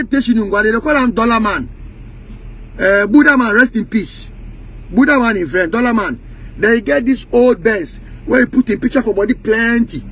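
A Ghanaian music industry commentator with a Ghanaian Pidgin English accent delivers a heated, mocking rant that drifts into sing-song taunting chants. His voice is high-pitched and fairly bright, with a little hiss or hum in the recording.

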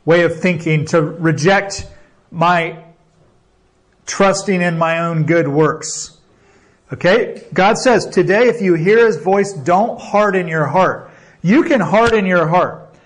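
Earnest, high-voiced male preacher. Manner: earnest, exhorting, with repeated "okay?" and "right?" checks; builds emphasis by repeating phrases. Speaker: pastor. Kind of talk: sermon.

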